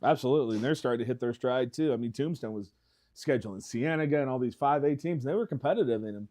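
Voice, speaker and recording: A man's voice: mid-range voice, fast talker, a little mellow. Laid-back man co-hosting sports radio. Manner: laid-back, friendly, reads stats. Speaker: sports show co-host and broadcaster. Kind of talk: casual sports talk radio.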